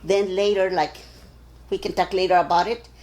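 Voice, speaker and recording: A woman's voice: fairly low pitch, fairly even intonation, normal speed, a little mellow, low-quality recording. Older lady from arizona telling stories, acts out everyone's voices, chatty. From Arizona, USA. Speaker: interviewee. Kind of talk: casual storytelling.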